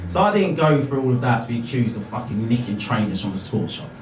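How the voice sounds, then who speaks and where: A young man from Harlow with an Essex accent, performing a live stand-up set in an animated, sweary, self-mocking way. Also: mid-range voice, fast, noisy background. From Harlow, Essex, England. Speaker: stand-up comedian. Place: small pub theatre room. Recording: echoey room heard from far off, loud audience laughter.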